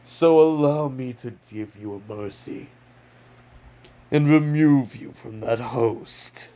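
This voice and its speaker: Guy doing a cold haughty demon king, slow and contemptuous, mid pitch. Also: mellow, slight background noise, lightly acted.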